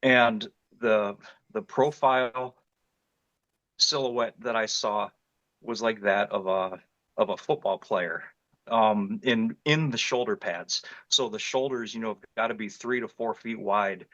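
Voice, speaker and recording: A middle-aged man from northeast Ohio, appearing as an interview guest, earnestly recounts a frightening encounter in vivid detail and often restarts his phrases. His voice is lowish and fairly bright, his pace measured, and the recording is muffled with no echo.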